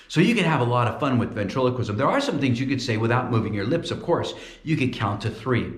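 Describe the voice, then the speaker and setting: A man giving a playful, comic ventriloquism demonstration, talking in a lively storytelling way. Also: mid-range voice, echoey room. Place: church.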